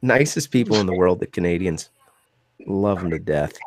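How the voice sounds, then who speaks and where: An excitable man with a low voice hosts a live-streamed talk show. He thanks donors and fires off questions. The sound is dry and close. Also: normal speed, no echo. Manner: enthusiastic, thanks donors, many fillers. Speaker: host.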